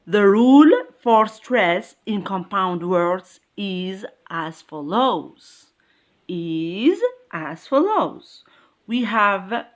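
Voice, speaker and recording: A woman teaching an English lesson in English, talking slowly, repeating words and checking understanding again and again. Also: medium pitch. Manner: slow, repetitive, checks understanding with "okay?"; non-native English phrasing. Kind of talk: classroom lesson.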